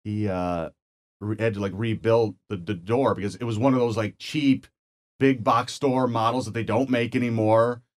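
A man co-hosting a casual podcast, relaxed, chiming in with short remarks and an anecdote. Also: fairly low pitch, moderate pace. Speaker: podcast co-host.

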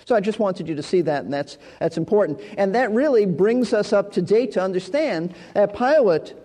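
A man's voice: sits high, expressive, moderate pace, dark tone. A male pastor preaching an expository sermon, emphatic and repeating key words for stress. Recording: long hall reverb.

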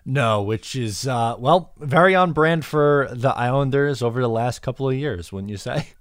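A man co-hosting a casual hockey podcast, reacting quickly in a relaxed way. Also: mid-range voice, no room sound, studio quality. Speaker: podcast co-host.

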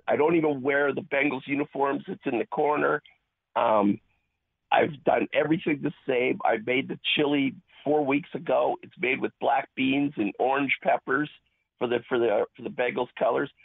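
A man's voice: medium pitch, vocal fry, slightly rough, dry recording. A middle-aged man from Ontario calling into a sports radio show, chatting at length about his game-day routines. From Ontario, Canada. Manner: chatty, detailed storytelling. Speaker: caller. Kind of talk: phone call-in. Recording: dry tinny phone line.

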